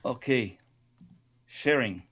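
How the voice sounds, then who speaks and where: A man's voice: medium pitch, lively intonation, very slow, a bit bright, husky. A man, taunting and stammering through restarts in a heated online debate. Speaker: flat-earther guest.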